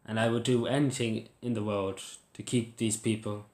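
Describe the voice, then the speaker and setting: A man's voice: fairly low pitch, little pitch movement, normal speed, darkish tone. An Irish man talking to camera in a casual vlog, emotional and rambling, repeating himself as he goes. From Ireland. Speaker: YouTuber. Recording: roomy echo.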